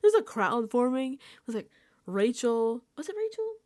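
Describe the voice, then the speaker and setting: A woman's voice: on the high side, very animated, moderate pace, darkish tone, dry recording, clean studio sound. A woman vlogger giving a casual reality TV recap, laughing often and dropping into whispered asides. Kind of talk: casual recap and reaction commentary.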